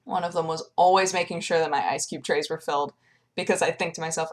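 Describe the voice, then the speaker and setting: A young woman chatting casually in a vlog, lively and animated, acting out the people she quotes in a higher voice. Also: fast. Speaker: vlogger.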